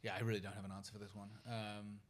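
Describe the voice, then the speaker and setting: Earnest, soft-spoken British man. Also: fairly low pitch, level tone, fast. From United Kingdom. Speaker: guest. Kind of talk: reflective interview conversation.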